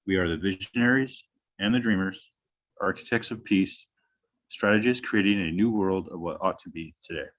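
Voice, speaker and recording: A man reciting a church mission statement in a measured, declamatory way over a video call. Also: deep voice, fairly bright tone.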